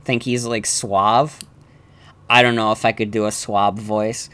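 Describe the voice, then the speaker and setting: A man's voice: lowish voice, little pitch movement, measured pace, fairly bright tone, clear, resonant tone. A man giving casual, joking, self-deprecating commentary while streaming a game. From New York.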